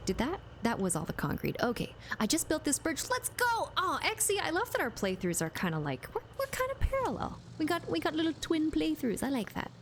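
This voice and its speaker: Gaming live from a home room with the door shut, this woman chats playfully and answers her viewers as she plays. Her voice is mid-range, and a bit of hiss or hum comes through her compressed streaming mic.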